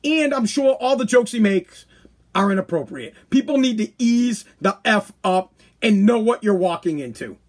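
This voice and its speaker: Crude high-voiced man ranting. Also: moderate pace. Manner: blunt, crude and animated, slips into mock voices. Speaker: podcast host. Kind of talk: ranting commentary.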